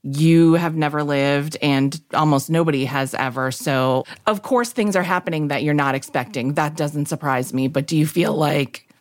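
A woman with a low, deep voice co-hosts a casual podcast. She talks in a steady, reassuring manner, laying out her thoughts calmly to her guest. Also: normal speed, few pauses. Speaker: podcast co-host.

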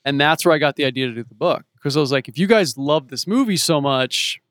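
A man in his forties, an actor and author, telling stories as an interview guest, animated and acting out the voices of the people he quotes. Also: on the high side, fast talker, dry recording, clean studio sound. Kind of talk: casual storytelling in an interview. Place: home in Los Angeles.

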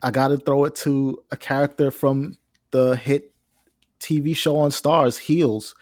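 A man co-hosting a casual wrestling podcast, calm and even-tempered in his delivery. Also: medium pitch, unhurried, dry recording, clean studio sound. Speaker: podcast co-host.

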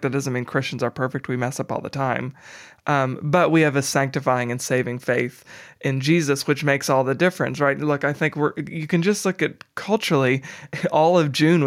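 A man co-hosting a podcast, offering his views in casual commentary with frequent stumbles and restarts. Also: mid-range voice. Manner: thoughtful, stumbles and restarts often. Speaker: podcast co-host.

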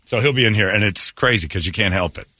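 A man hosting a morning radio show, chatting and joking in a loose, animated way. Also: on the low side, fast, husky, no room sound, studio quality. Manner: animated, jokey, exclamatory. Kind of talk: casual radio banter.

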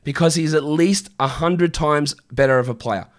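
Brief: man in his thirties, livestream Q&A host, blunt and sweary, quick to rant. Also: a little high. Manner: blunt, swearing, exasperated rants. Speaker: fantasy basketball streamer answering viewer questions. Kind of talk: casual livestream Q&A.

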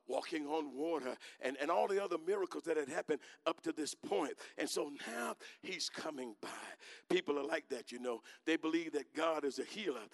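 A male preacher giving a sermon in rhythmic phrases, calling on the congregation to answer and swinging from quiet talk to shouting. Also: a little high, vocal fry.

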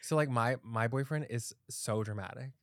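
A man's voice: mid-range voice, moderate pace, fairly bright tone, no echo, clean studio sound. A young man hosting a podcast in casual chat, talking loosely with lots of "like" and frequent laughs. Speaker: podcast host.

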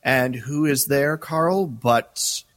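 A man's voice: mid-range voice, very slow, a bit bright. A man co-hosting a fan podcast, recapping scenes in an easygoing way. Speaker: podcast co-host. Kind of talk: casual fan podcast discussion.

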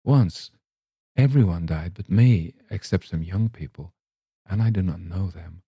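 A man voicing a frail, lonely old noblewoman who speaks slowly and wistfully in a dark, low voice. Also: vocal fry, slightly rough, no room sound, full character voice.

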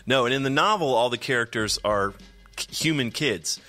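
A middle-aged man, a podcast co-host, chatting casually and telling animated stories, acting out his pets' voices. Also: mid-range voice, normal speed, soft background music. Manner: animated storyteller who acts out pets' voices. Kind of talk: casual chat.

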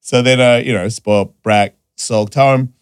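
Man, 40s, podcast host. Crude, lively storyteller. Dry, close sound. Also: mid-range voice, measured pace, smooth, dry recording. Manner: crude, animated storytelling with big voiced quotes. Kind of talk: casual podcast chat.

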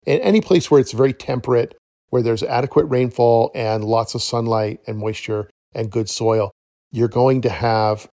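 Middle-aged man, forest educator hosting a talk show; easygoing storyteller, mid-pitched voice, dry studio sound. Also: normal speed, dry recording. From East Coast of North America. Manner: relaxed, rambling, retells dialogue with chuckles. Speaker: forest educator, podcast host. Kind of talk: casual storytelling monologue.

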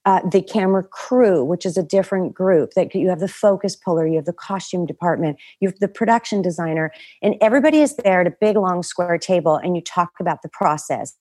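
Middle-aged woman guest, lowish voice, dry close mic, lively anecdotes with quoted voices. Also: brisk, few pauses, dry recording. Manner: animated storyteller, acts out quotes. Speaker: guest, writer and actor. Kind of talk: casual podcast chat, storytelling.

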